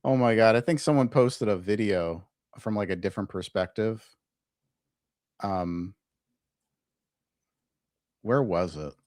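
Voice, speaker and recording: A man's voice: on the low side, slow, pauses often, darkish tone, no room sound, clean studio sound. A man hosting a casual reaction commentary, talking in a profane, incredulous way. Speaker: commentary host.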